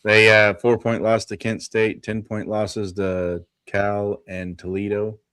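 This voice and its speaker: A man with a fairly low voice talks college hoops on a casual live show. He rattles off scores and losses in quick lists and laughs easily. The sound is dry and close to the mic. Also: flat delivery, fairly bright tone, clear, resonant tone, dry recording. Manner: runs through stats in quick lists, laughs often. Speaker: podcast co-host. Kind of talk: casual sports talk.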